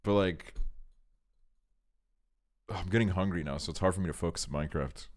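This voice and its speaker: His voice low and his speed normal, a young man streams while rambling through long stories, swearing and leaning on fillers throughout.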